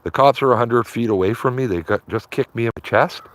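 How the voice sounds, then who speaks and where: A Canadian man livestreaming as an auditor chats casually with viewers from outdoors beside a river, rambling, repeating himself and ending phrases with "man." His medium-pitched voice is a bit bright and a little fast.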